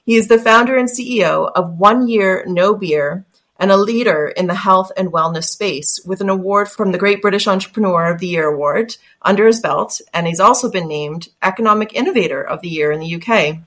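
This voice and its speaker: A woman hosting a podcast, reading an earnest introduction and then chatting with her guest, emphatic and quick to laugh. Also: medium pitch, fairly bright tone. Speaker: podcast host. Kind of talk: scripted intro then casual interview.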